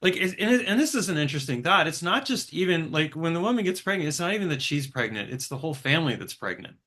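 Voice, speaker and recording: Man, podcast host, bright forceful tone, candid, reflective, casual swearing. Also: a little high, sing-song, fast talker. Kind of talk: conversational interview.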